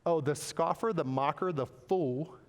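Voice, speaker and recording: A man preaching a sermon, animated and playful, acting out quoted voices with joking asides. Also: fairly high pitch, measured pace, big-room sound. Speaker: pastor. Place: church sanctuary.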